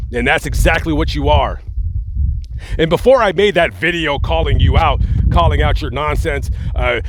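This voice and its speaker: A man hosting a heated commentary video, blunt and emphatic, speaking angrily with halting restarts. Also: fairly high pitch, fairly bright tone. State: angry and upset. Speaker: YouTube commentary host. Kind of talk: heated direct-to-camera commentary.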